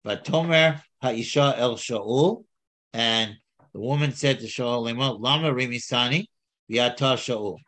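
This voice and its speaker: Guy going through a hebrew text, stops and restarts a lot, mid pitched, casual. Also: fairly bright tone. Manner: halting, with many restarts and fillers; reads Hebrew aloud, then paraphrases. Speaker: Torah teacher.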